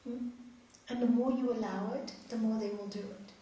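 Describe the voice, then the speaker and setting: A woman's voice: on the high side, moderate pace. A middle-aged woman yoga teacher telling a spiritual story to a group, acting out the voices of its characters. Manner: animated storytelling, acts out voices. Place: hall. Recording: echoey hall, from far off.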